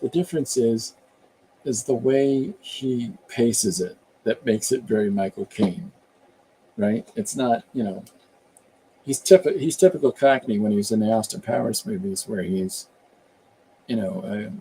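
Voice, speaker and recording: Mellow rambling man, chatty artist. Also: mid-range voice, lively intonation, unhurried, a little hiss or hum, poor audio. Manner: rambling and chatty, slips into voices. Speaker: artist streaming while drawing. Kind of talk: casual live-stream chat.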